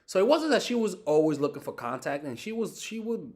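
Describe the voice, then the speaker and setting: A man's voice: sits high, brisk. A young man giving casual dating advice in a monologue, swearing often and repeating himself as he talks. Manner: animated, swears often, repeats and restarts words. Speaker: dating coach.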